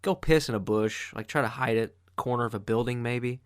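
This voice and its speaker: A man's voice: medium pitch, a little fast. A man hosting a podcast, delivering a casual, profanity-laden monologue full of exasperation. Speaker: podcast host.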